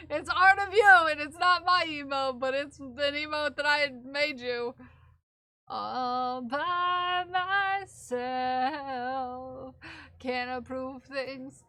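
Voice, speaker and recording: A woman's voice: high voice, steady tone, drawn-out words, pushed and bright, dry recording. A woman streamer chatting casually and playfully with her live chat from a room at home.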